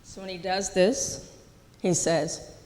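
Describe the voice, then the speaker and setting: Slow, earnest testimony speaker at a church service, mid-pitched and halting, heard with long sanctuary reverb. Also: steady tone. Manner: halting, earnest, with frequent restarts and soft laughs. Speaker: guest speaker sharing a testimony.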